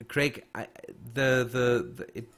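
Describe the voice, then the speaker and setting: A man streaming a game and chatting with viewers, halting and restarting as he reads chat. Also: medium pitch, fairly even intonation, fairly bright tone. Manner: halting, many restarts and fillers while reading chat. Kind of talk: casual gameplay stream chat.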